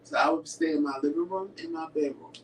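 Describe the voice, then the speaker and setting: A man's voice: fairly high pitch, quick pace. A man co-hosting a dinner-table vlog, telling home stories in an easygoing way and playfully pushing back. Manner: easygoing storyteller, protesting playfully. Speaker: vlog co-host. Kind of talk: casual dinner chat. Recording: roomy, distant mic, faint noise.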